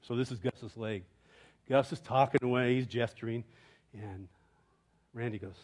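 A middle-aged male pastor preaching a sermon, moving between soaring emphatic proclamation and hushed, chuckling storytelling. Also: mid-range voice.

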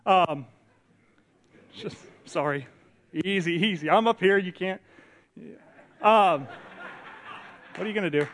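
A pastor in his thirties gives a conversational sermon in a church, his voice sitting a little above the usual male pitch. He talks with his hands in his words, drops low for reflective points and climbs high and loud when he acts out what others say. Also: slow, long pauses. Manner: conversational, animated preaching, acts out quotes. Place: church sanctuary.

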